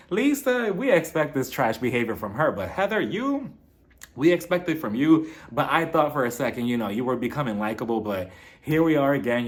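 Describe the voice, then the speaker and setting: A man recapping a reality TV episode in a casual, sassy way, laughing and talking straight to the people on the show. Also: mid-range voice. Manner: sassy, laughing asides, talks straight to the cast.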